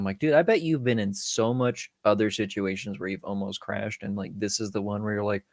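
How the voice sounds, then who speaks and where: A man co-hosting a casual podcast about a film he rewatched. He talks it over in an animated way, acts out scenes and cracks jokes, often laughing. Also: fairly low pitch, fairly quick, few pauses, dry recording. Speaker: podcast co-host. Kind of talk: casual film-review chat.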